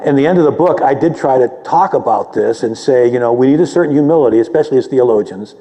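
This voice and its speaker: Warm-voiced male theologian in a reverberant hall. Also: medium pitch. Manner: conversational and humble, repeats words when excited. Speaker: theologian and lecturer. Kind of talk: public lecture, answering a question with a personal story. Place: lecture hall.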